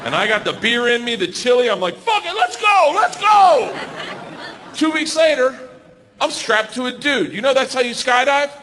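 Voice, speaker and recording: A man in his forties doing a stand-up comedy set, loud and laughing as he shouts punchlines. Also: very high voice, fairly quick. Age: 40s. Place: comedy stage before audience. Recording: live club with crowd noise.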